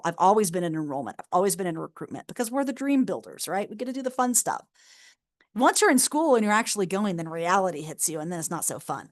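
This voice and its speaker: A woman in her thirties, a university enrollment advisor, giving a casual, encouraging recorded orientation talk with many fillers and restarts. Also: mid-range voice.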